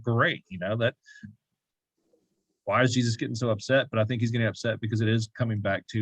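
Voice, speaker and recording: A man's voice: mid-range voice, fairly even intonation, husky, no room sound, low-quality recording. A man leading a church Bible class, chatting loosely with asides, laughs and "right?" checks after reading a passage. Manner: reads scripture aloud slowly, then talks loosely with many asides. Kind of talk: casual Bible study teaching.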